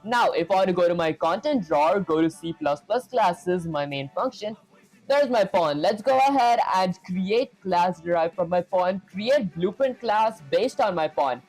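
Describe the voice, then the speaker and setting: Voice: mid-range voice, expressive, moderate pace, darkish tone. A live coding streamer giving a casual tutorial while thinking aloud, with plenty of "okay" and "let's go ahead" as they work through each step.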